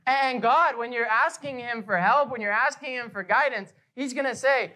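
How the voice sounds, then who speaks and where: A woman pastor delivers a sermon in a fairly high voice. She preaches with emphasis and slows down to repeat key phrases. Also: pushed and bright.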